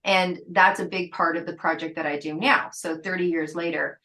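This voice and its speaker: A woman's voice: lowish voice, steady tone, moderate pace, sharp tone, low-quality recording. Chatty woman podcast host in her fifties. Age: 50s. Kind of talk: casual interview chat.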